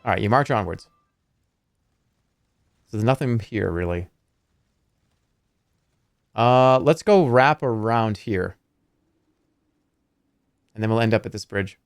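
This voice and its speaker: A male streamer reading a fantasy game's text aloud in a playful, expressive way, with casual comments in between. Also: fairly low pitch, slow, creaky, pauses often, clean tone, no room sound, clean studio sound.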